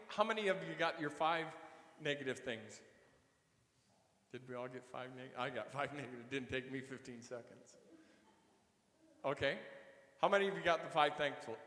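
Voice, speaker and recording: A man's voice: mid-range voice, fairly bright tone. A man, a minister reading the gospel and preaching a homily in a conversational way, asking the congregation questions and often repeating his words. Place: church. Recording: echoey church hall reverb.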